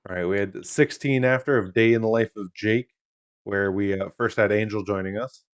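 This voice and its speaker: A man's voice: fairly low pitch, fairly even intonation, normal speed, dry recording, clean studio sound. A young man co-hosting a podcast in casual chat, laid-back, laughing often and swearing freely. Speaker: podcast co-host.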